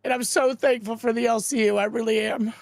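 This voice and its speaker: A man's voice: very high-pitched, fairly even intonation, fairly quick, vocal fry, dry recording, clean studio sound. A man co-hosting a stream, crying, speaking in an emotional, deferential way.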